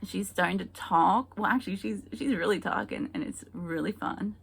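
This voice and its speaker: Husky, gravelly woman doing stand-up. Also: medium pitch, moderate pace. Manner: hesitant, filler-heavy delivery with dry punchlines. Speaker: stand-up comedian. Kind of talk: stand-up comedy set.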